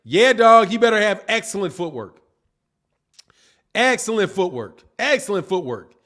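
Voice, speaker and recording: A man with a fairly high voice hosts a casual boxing live stream. He reads viewers' chat messages aloud, reacting in a loose, slangy and animated way. He laughs often and talks straight to his audience. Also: normal speed. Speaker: boxing channel host reading live chat.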